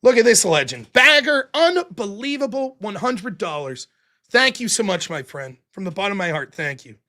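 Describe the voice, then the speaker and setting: Animated male livestream host. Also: high-pitched, normal speed. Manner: casual, blunt, thanks viewers warmly. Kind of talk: reading viewer donations on a live stream.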